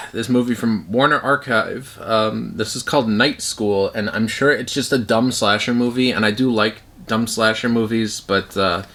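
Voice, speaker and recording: A man's voice: fairly low pitch, normal speed, fairly bright tone, a little hiss or hum. Rambling man in a casual vlog. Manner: rambling, full of fillers and restarts. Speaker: collector reviewing his movie collection. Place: at home.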